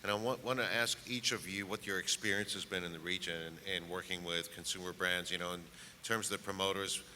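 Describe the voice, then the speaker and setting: A man moderates a panel, pausing often with fillers as he frames each question. His voice is very deep with a sharp, forceful edge. A long hall reverb and faint noise sit behind him. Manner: halting, filler-heavy questions. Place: conference stage in a large hall.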